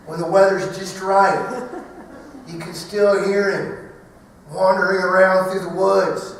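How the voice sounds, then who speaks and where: A middle-aged man speaking at a banquet, telling a funny personal story in an animated way and acting out the voices. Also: sits high, slow, pauses often, a little hiss or hum. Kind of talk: humorous storytelling talk. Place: large banquet hall. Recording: echoey hall from far off.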